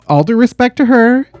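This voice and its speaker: Animated high-voiced comedy podcast host. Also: male voice, no echo. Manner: animated, chatty, laughs often. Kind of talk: casual comedic podcast monologue.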